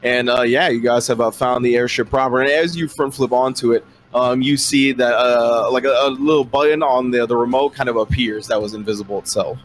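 A man's voice: medium pitch, fairly even intonation, fairly quick, few pauses, a little hiss or hum. Man narrating as game master. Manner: loose, filler-heavy narration.

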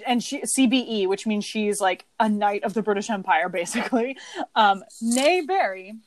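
A young woman co-hosting a podcast, chatting in a wry, casual way and reading passages aloud quickly. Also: mid-range voice, expressive, dry recording. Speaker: podcast co-host. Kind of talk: casual chat.

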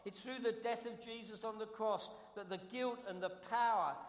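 London guest pastor, high voice, emphatic preaching style, big reverberant church sound. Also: male voice, steady tone, normal speed. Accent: London English. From London, England. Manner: emphatic, repeats key phrases, asks the congregation questions. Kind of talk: preaching a sermon. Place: church sanctuary. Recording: echoey hall, long reverb.

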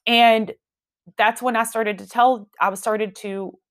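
A woman, hosting a podcast and telling a personal story in an animated, emphatic way. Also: a little high, a little slow. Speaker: podcast host. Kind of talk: casual storytelling.

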